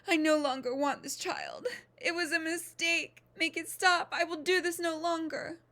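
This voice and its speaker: A woman's voice: very animated, moderate pace, sharp tone, heavily acted. Woman putting on a screeching miller's wife. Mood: panicked wailing. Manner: shrill and raised.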